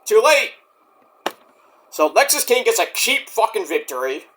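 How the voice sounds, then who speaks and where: A man casually reviewing a wrestling show on his own, animated and excitable, breaking into high-pitched outbursts. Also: a little fast, slight background noise. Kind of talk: casual solo review vlog.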